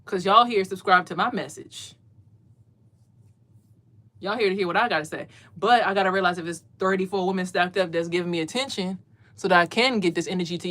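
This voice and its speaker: Emphatic preachy woman livestreaming. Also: lowish voice. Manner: emphatic, preachy, repeats words, mimics others in loud bursts. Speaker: livestream host doing card readings. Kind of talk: casual livestream monologue. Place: small closet.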